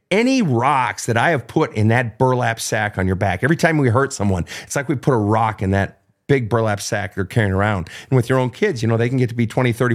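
A man in his fifties hosting a call-in advice show, telling stories candidly, swearing freely and laughing at himself. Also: mid-range voice. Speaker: podcast host answering listener questions. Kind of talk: casual storytelling and advice.

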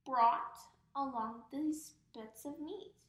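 A woman voicing a gruff huntsman with a soft heart, muttering his lines. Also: high voice, takes it slowly. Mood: fawning. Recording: roomy echo.

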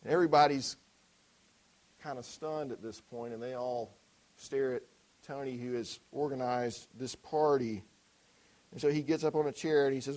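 A preacher telling a story to his congregation in a lively storytelling manner, acting out the characters. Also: mid-range voice, moderate pace, poor audio. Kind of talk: sermon illustration storytelling.

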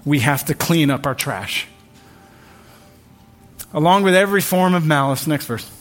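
A young male pastor preaching in a relaxed, conversational way, with joking asides and frequent restarts, in a church. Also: fairly high pitch, unhurried, soft background music. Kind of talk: sermon.

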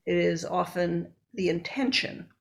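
Woman, researcher, author, interview, slow delivery, measured explaining. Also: fairly low pitch, gravelly.

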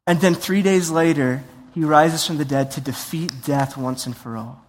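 A man preaching a sermon in a conversational, animated way, acting out voices and asides. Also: on the high side, normal speed. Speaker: pastor. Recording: long hall reverb.

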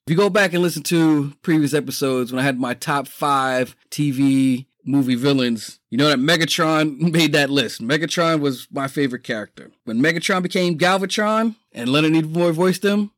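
A middle-aged man hosts a casual solo podcast in a slightly raised voice. He tells stories with excitement, curses freely and breaks into laughs. The sound is dry and close. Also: fairly high pitch, dry recording. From the Bronx, New York. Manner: excitable, profane, laughing storyteller. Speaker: podcast host.

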